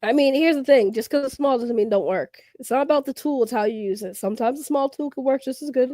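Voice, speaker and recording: Woman, podcast host, animated teasing rant, raised pitch, dry mic. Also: fast, dry recording. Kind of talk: casual rant chat.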